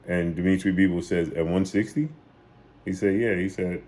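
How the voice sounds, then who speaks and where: A man's voice: sits low, fairly even intonation, normal speed, mellow. A man hosting a sports channel, casually retelling and commenting on boxing clips with emphatic repetition.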